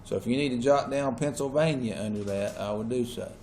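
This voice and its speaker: A man lectures a classroom in an easygoing, conversational way. He keeps pausing to check whether his students are keeping up. A faint hiss sits under his voice. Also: mid-range voice, creaky, a little mellow. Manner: checks in often with students, casual Southern-style phrasing. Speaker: teacher.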